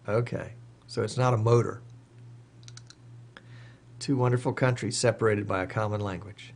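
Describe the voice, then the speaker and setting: A man's voice: fairly low pitch, fairly even intonation, normal speed. A man hosting a live stream, reading viewer comments aloud and answering them off the cuff in casual chat.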